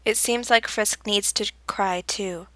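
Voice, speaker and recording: A woman reading her own story aloud in the first person, soft-spoken and often dropping to a whisper. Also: medium pitch, fairly even intonation, slow pace, no room sound. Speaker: fanfiction reader.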